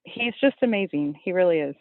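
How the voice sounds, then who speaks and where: A woman's voice: brisk, no echo. Woman guest on a tinny phone line. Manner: animated storytelling, acts out quotes in a high voice. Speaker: podcast guest, bodybuilding competitor. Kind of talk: casual interview chat.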